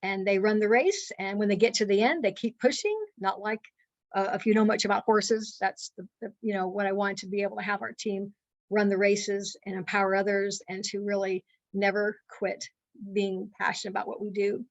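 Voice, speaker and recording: A woman's voice: medium pitch, fairly even intonation, dry recording, lo-fi sound. Earnest woman telling her story, dry sound. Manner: earnest, halting, many fillers and restarts. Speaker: guest speaker. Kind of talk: personal story on a call.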